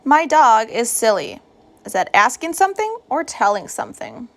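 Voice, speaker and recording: A woman teaching kindergartners in a video lesson, speaking slowly and clearly in an encouraging way. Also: fairly high pitch, very animated, a bit bright. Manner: slow, clear and encouraging, acting out children's voices. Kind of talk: video lesson for young children.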